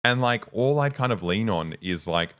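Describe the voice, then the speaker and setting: A man's voice: lowish voice, expressive, moderate pace, fairly bright tone, clear, resonant tone. A young Australian man co-hosting a casual podcast chat, swearing freely and laughing often. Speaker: co-host.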